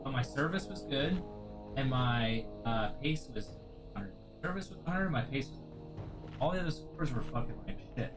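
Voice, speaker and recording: A man's voice: medium pitch, animated, normal speed, over music. A man chatting casually on a livestream, blunt and swearing freely. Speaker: streamer.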